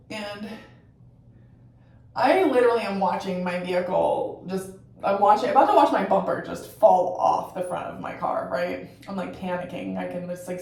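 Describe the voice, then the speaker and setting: A woman's voice: medium pitch, vocal fry, a little mellow. A woman from Colorado telling a story in a chatty, profane way while doing her makeup at home, often ending sentences with "right?". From Colorado, USA. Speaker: vlogger. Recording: very echoey room, voice from far off.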